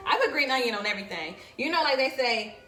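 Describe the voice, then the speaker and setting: A woman's voice: on the high side, lively intonation, quick pace, pushed and bright, echoey room, soft background music. A woman casually demonstrating a recipe in her home kitchen, chatty and playful, talking straight to her viewers. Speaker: home cooking vlogger.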